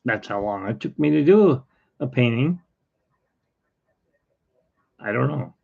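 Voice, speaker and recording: A man's voice: medium pitch, animated, slow, vocal fry, a little mellow, dull audio. A man who hosts an art livestream, chatting in a rambling, opinionated way. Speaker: artist, livestream host. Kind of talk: casual livestream chat.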